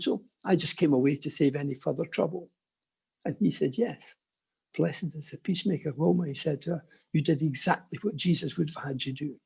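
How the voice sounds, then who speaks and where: An older man shares his personal testimony at a conference. His voice is rough and gravelly, strongly husky, and sits a little higher than most men's. He tells it earnestly, dropping into hushed asides. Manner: earnest storytelling with quiet asides. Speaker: conference speaker.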